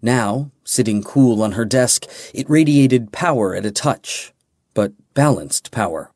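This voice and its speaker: A man narrating a fantasy novel in a measured, deliberate way. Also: mid-range voice, animated, darkish tone, dry recording, clean studio sound. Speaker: audiobook narrator.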